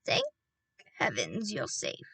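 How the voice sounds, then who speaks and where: Storybook granny, old and loving, deep and slow. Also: female voice, wildly swooping pitch, creaky, husky, no echo, heavily acted. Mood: tender. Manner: slow, low and warm-hearted.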